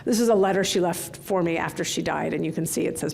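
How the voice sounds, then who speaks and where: A middle-aged woman giving a conference keynote from the stage, telling candid stories in an animated way. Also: on the low side, quick pace, gravelly, few pauses, a little hiss or hum. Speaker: keynote speaker. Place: large conference hall.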